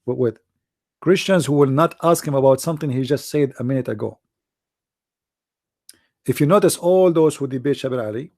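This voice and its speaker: A hoarse man talks through a loose, rambling commentary full of "uh" and "you know". His voice is gravelly and dark. The recording is dry, with no room sound. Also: medium pitch, dry recording. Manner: animated, repetitive, many fillers and restarts. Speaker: debate show host. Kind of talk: casual commentary monologue.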